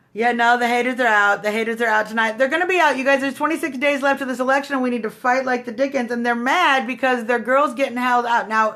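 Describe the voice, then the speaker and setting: A woman's voice: fairly high pitch, fairly bright tone. A woman hosting a casual political livestream, talking straight to her viewers in a snarky, combative way. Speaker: livestream host.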